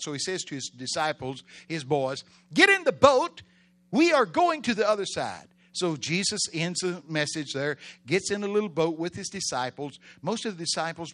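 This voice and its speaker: A man preaching a sermon in a dramatic way, swinging between loud exclamations and hushed storytelling and drawing answers from the congregation. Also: a little high, no echo. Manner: call-and-response with congregation.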